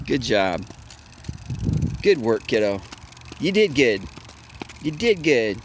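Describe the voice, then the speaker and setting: Man, pet-talk praise on a street walk; huge pitch swings into falsetto-ish highs, sing-song humming, phone mic, light background noise. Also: sing-song, slow, long pauses. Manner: coaxing, praising, hums "do do do" in a high sing-song. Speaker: dog owner filming a walk. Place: outdoors on a street.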